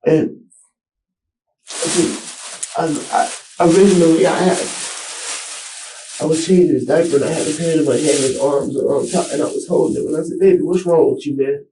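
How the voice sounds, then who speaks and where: A man rambles in halting bursts, dropping street slang and trailing off, with a darker, mellow tone. His voice bounces around a small, echoey room captured by a camera mic. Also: on the high side, steady tone, slight background noise. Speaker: interview subject. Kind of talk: police interrogation recording.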